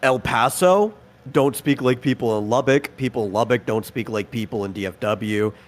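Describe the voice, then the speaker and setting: A man's voice: mid-range voice, moderate pace. A man from Texas co-hosting a casual live stream, talking at length and acting out the voices of people he quotes. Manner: talkative, explains at length, acts out quoted voices. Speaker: stream co-host.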